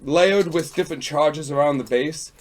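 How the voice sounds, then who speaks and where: A man's voice: on the high side, moderate pace. A man playing a tabletop game, thinking aloud and narrating what his character does. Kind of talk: casual game chat.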